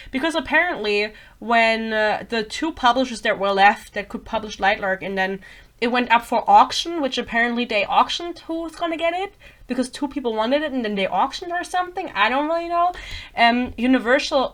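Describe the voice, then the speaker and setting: A woman's voice: fairly high pitch, fairly quick, a bit bright. A bilingual woman ranting about a book in a casual vlog, blunt and sarcastic, swearing freely and wandering off into tangents. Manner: rambling, self-interrupting tangents. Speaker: book reviewer.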